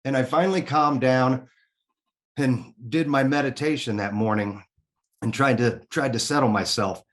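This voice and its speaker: A man's voice: medium pitch, normal speed, fairly bright tone. A man as a podcast guest, telling a personal story in a candid, earnest way and swearing casually.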